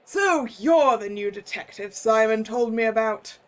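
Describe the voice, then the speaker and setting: A streamer voicing a jolly old museum owner. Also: male voice, high voice, expressive, measured pace, fairly bright tone. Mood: jovial. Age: older. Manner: jovial, grandfatherly. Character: jolly elderly male museum owner, genteel.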